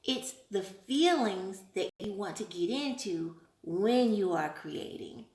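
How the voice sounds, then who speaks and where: A woman hosting a casual live stream, playful and animated, laughing often while she answers viewer questions. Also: mid-range voice, slow pace, reverberant. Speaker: livestream host.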